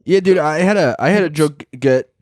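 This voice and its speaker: A man's voice: a little high, a little fast, a little mellow, dry recording, studio quality. A man co-hosting a comedy podcast, crude and joking in casual chat. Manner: crude, joking, tells stories with quoted bits. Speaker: podcast co-host.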